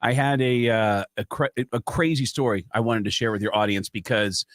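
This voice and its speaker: A man telling a comic story as a guest, animated and restarting often, close to the mic. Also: on the low side, moderate pace, no echo. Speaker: comedian guest.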